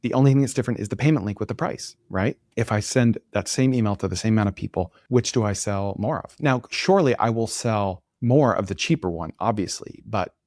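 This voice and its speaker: A man's voice: fairly low pitch, brisk, few pauses, darkish tone, no room sound, clean studio sound. A young man hosting a podcast, talking casually and energetically while he shares his screen and thinks aloud. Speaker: podcast host and entrepreneur.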